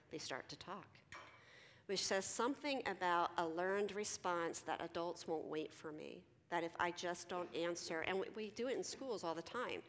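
A middle-aged woman gives a conference talk as a counselor, chatty and animated, slipping into quoted voices of teenagers. Her voice sits fairly low, and a long reverb trails her words around a large hall. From Philadelphia. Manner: animated, conversational, acts out teens and herself in quoted dialogue.

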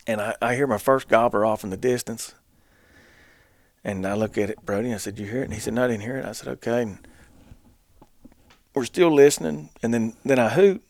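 A man's voice: medium pitch, a little fast, pauses often, a little mellow, no echo. A man, co-hosting a podcast, tells a hunting story in casual chat and laughs through his punchlines. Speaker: podcast co-host.

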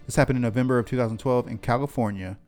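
A man's voice: medium pitch, very fast, darkish tone. A man co-hosting a podcast, reading odd headlines aloud and riffing with plenty of profanity. His delivery is casual and jokey. Faint music sits under the talk. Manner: profane, joking, reads news stories aloud. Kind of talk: crude comedic chat.

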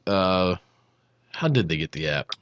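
A man on a podcast summarizing a horror film plot in a halting, filler-heavy way. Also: low voice, big pitch swings, fairly bright tone, muffled recording. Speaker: podcast guest who picked the film. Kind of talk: casual chat.

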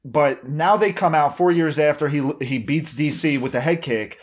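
A man's voice: a little high, moderate pace. A man co-hosting a podcast in casual banter, ranting emphatically and swearing freely. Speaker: podcast co-host.

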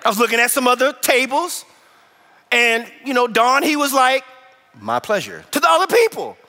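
A pastor from Chicago preaching a sermon, telling stories in an animated way and acting out voices. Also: male voice, extremely high pitch, brisk. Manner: animated storytelling, acts out voices. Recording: long hall reverb.

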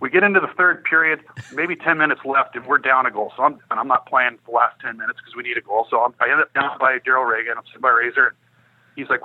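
A middle-aged man tells a story at a quick clip in a bright, slightly husky voice, laughing as he goes and acting out the lines of the people in it. His tone is animated and conversational. The sound is a bit lo-fi. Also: a little high. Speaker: guest storyteller, former hockey player. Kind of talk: casual storytelling on a podcast.

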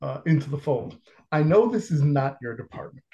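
A man hosting a podcast interview, talking in a halting, wry way with repeated words. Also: fairly high pitch, animated, mellow. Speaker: podcast host. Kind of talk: casual interview chat. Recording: dull lo-fi sound.

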